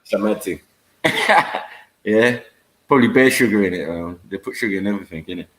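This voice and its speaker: A man's voice: lowish voice, animated, fairly quick, a bit bright. A man chatting casually on a livestream, laid-back, answering in short replies and joining in the teasing.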